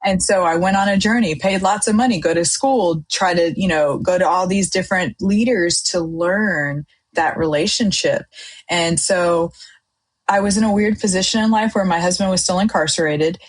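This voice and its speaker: Podcast guest: middle-aged woman, husky low voice, animated storyteller voicing her past self. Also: moderate pace, rough recording. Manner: lively storyteller, acts out her own past outbursts. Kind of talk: testimony in casual chat.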